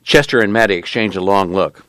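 A man giving a measured, even narration of a novel. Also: fairly low pitch, no room sound. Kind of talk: scripted narration.

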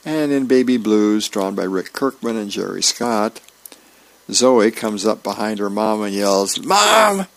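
Slow, gravelly man reading comics. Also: fairly low pitch, steady tone, no room sound. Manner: unhurried, plain storytelling with light character voices. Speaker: reader of comic strips. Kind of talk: reading comic strips aloud.

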